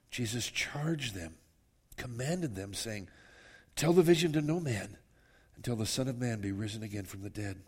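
A man's voice: medium pitch, darkish tone, breathy edge. A man preaching a verse-by-verse sermon in an earnest, conversational way, turning often to speak straight to his listeners. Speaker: pastor.

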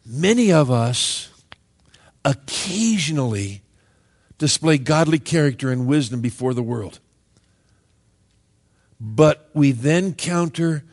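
A middle-aged man preaching a sermon, animated and joking, now and then acting out the voices of Bible figures. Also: medium pitch. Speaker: pastor.

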